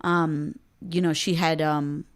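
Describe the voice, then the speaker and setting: A woman's voice: low voice, level tone, slow pace. A young woman co-hosting a podcast, telling a story in a laid-back casual way, often quoting people. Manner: laid-back, laughs often, quotes others. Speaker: podcast co-host.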